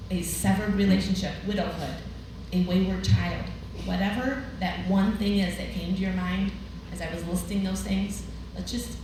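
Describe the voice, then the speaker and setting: A middle-aged woman giving a chatty devotional talk at a women's retreat, telling stories with a laugh. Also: fairly low pitch. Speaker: retreat speaker. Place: large room at a ladies' retreat. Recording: very echoey, distant, noisy room recording.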